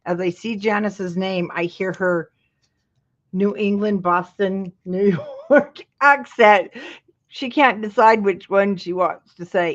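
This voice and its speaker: A woman's voice: lowish voice, unhurried, lo-fi sound. A woman from Utah hosting a live craft tutorial, talking viewers through each step in a chatty way and breaking off into asides. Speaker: craft show host.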